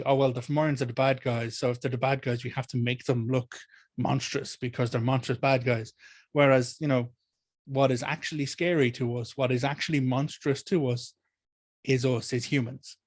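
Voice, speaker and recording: A man with an Irish accent, teaching mythology in an animated, discursive Q&A talk, full of restarts and asides. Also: mid-range voice, moderate pace, no room sound. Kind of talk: community Q&A talk.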